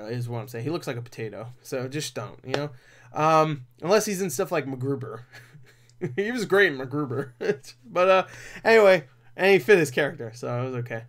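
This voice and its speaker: A man's voice: a little high, expressive, a little fast, a bit bright, slight background noise. A man giving a casual movie review, rambling with lots of fillers and profane, exasperated outbursts.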